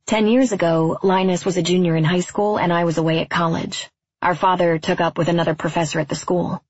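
A woman reading a first-person story aloud in a measured, wryly understated way. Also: fairly low pitch, steady tone, breathy edge, dry recording, lo-fi sound. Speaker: narrator.

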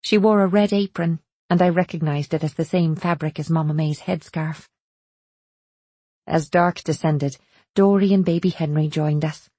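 Woman narrating with a husky, dark voice. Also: fairly low pitch, dry recording. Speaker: audiobook narrator. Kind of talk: first-person storybook narration.

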